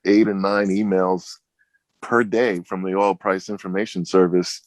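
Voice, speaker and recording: A man who appears as a regular guest on a radio show, speaking in an easygoing, halting way with fillers. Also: low voice, level tone, dry recording. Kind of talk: casual radio talk.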